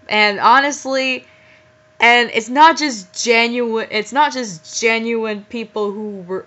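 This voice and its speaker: Woman reading cringey fanfic out loud and roasting it, bright highish voice. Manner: incredulous, exasperated asides. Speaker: host reading fanfiction aloud. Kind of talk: dramatic reading with mocking commentary. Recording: muffled lo-fi recording.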